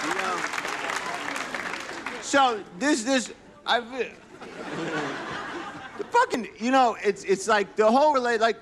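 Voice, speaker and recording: A man with a notably high voice rambles through a profane stand-up story, stumbling and restarting as he acts out both sides of a conversation. He is recorded live on a club stage through a stage mic, with a faint hum and the audience laughing in the background. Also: slow, pauses often, crowd noise. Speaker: stand-up comedian. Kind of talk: stand-up comedy set.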